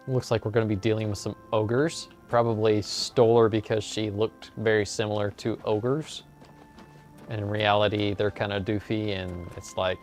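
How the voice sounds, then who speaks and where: Low-voiced man joking through a game. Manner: relaxed, joking, with frequent filler "uh". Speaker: let's play host. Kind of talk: casual gameplay commentary. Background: game music.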